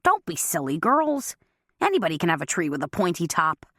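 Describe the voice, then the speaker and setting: A woman's voice: lowish voice, huge pitch swings, brisk, sharp tone, dry recording, clean studio sound, heavily acted. A woman voicing a proud, stubborn older father who is cheerfully oblivious, in a storybook reading. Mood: boastful. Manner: boastful, cheerful.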